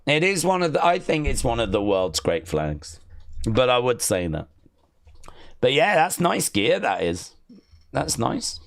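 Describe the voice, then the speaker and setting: A man with a fairly low voice hosts a live-stream watch-along. He talks in a loose, rambling way and answers viewer messages as they come in. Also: fairly bright tone. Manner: rambling, chatty, reads out viewer comments. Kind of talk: casual live-stream chat.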